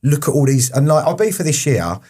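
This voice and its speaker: A man co-hosting a casual chat, talking in a rambling, enthusiastic way with lots of restarts and a husky voice. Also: on the high side, sing-song, a little fast, dark tone. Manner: rambling, enthusiastic, repeats himself. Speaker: podcast host.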